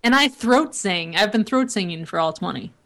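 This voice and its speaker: A woman guesting on a comedy podcast, laughing often as she spins absurd deadpan bits. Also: mid-range voice, normal speed. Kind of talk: casual comedic chat.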